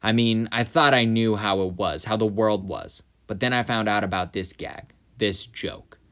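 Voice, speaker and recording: A man reading aloud the lines of a bitter, drunken aging male vigilante who is breaking down, louder and slower than his own talk, with a lowish voice. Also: natural voice.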